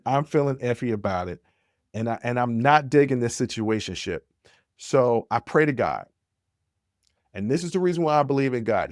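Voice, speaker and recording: A man hosting a podcast, telling a personal story in an animated way, speaking straight to his listeners. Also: mid-range voice, no echo, studio quality. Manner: animated, addresses listeners directly. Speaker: podcast host. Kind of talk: storytelling monologue.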